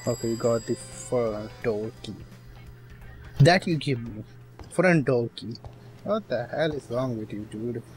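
A man giving rambling play-by-play commentary on a horror game, with loud outbursts. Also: mid-range voice, expressive, a little slow, soft background music, low-quality recording. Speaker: gaming streamer.

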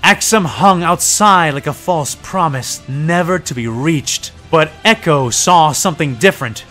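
A man narrating a story in audiobook style, with a fairly high voice and a steady, even delivery. Faint music plays behind him. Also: unhurried.

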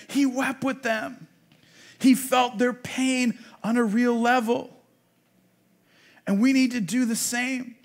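A man with a strikingly high voice delivers a sermon to a congregation. He preaches with emphasis, asks the room rhetorical questions, and moves between hushed passages and loud, forceful ones. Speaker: rabbi.

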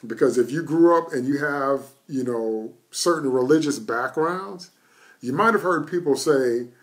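A man with a Southern American accent preaching a sermon, reading scripture calmly and then building to loud, emphatic declarations. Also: mid-range voice, normal speed.

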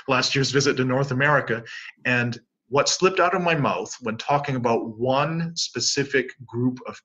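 A middle-aged man from Canada talks through his stories in a casual interview, acting out both sides of each conversation. His voice is bright with a slightly husky edge. The recording sounds dull and lo-fi. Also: mid-range voice. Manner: animated storyteller, acts out both sides of conversations. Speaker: interview guest. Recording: dull lo-fi audio.

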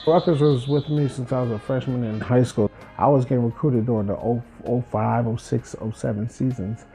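A man in his twenties from New Jersey, once a college football player, reflects on his life, acting out what others said to him in lively voices. His mid-range voice is a little fast, and soft music plays behind a rough recording.

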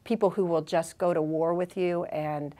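A woman being interviewed as a business executive, telling stories in a lively conversational way, often restarting and adding fillers. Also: fairly low pitch, moderate pace. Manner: animated, acts out quoted dialogue, many fillers and restarts. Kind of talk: conversational storytelling.

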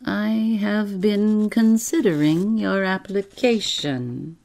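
Woman doing a cold male boss, thin clear voice, deliberate, low and slow, storybook. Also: warm tone, heavily acted. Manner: clear, thin, savoring each syllable.

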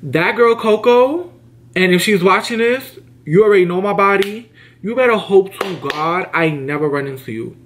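Animated young man telling a story. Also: sits high, slight background noise. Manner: animated, quick-talking, acts out quoted dialogue. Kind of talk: casual storytime monologue.

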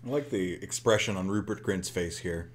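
A man's voice: low voice, normal speed, a little hiss or hum. A man co-hosting a casual movie podcast, chatting loosely and reading film quotes aloud with laughter. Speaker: podcast co-host. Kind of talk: casual chat about movies.

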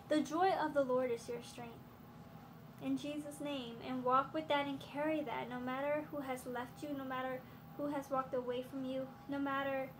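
A woman's voice: high-pitched, a little hiss or hum. A woman hosting her own show, speaking earnest casual spiritual encouragement with many "um"s and repeated phrases. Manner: breaks briefly into song. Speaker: host giving a prophetic encouragement.

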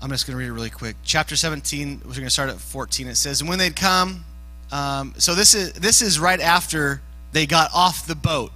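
At a church youth service, a youth pastor gives a loose, casual sermon in a high voice with a sharp, piercing brightness. Animated and playful, he talks briskly and often leaps into shouts to hammer a point home, though the audio is poor.

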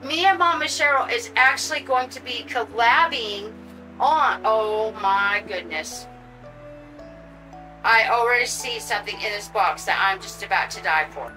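A woman vlogging an unboxing, gushing and excitable, cooing over a doll she pulls from the box. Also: a little high, unhurried, recorded from a distance, soft background music, rough recording. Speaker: reborn doll collector vlogger. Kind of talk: casual unboxing vlog.

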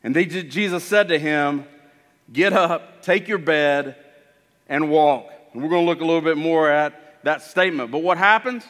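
A man preaching a sermon as pastor, animated and acting out the voices in the story he tells. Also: on the high side, moderate pace, big-room sound. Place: church sanctuary.

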